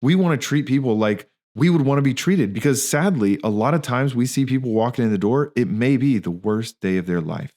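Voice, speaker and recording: A man's voice: mid-range voice, animated, fairly quick, few pauses, a little mellow. A man in his thirties hosting a podcast, telling personal stories in a candid, slangy, emphatic way. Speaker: podcast host, physician and practice owner. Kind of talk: casual spoken monologue.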